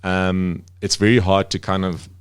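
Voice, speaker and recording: A man's voice: low-pitched, little pitch movement, measured pace, clear, resonant tone, no room sound, clean studio sound. A man who runs a media company, talking as a guest in a casual interview, rambling with many fillers and restarts.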